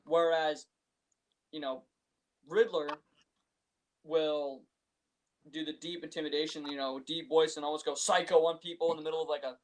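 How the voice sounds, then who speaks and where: A young man co-hosting a podcast, chatting casually and telling stories with lots of animation, often slipping into excited voices to act out scenes. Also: fairly high pitch, moderate pace, long pauses, a little hiss or hum. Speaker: podcast co-host. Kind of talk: casual chat.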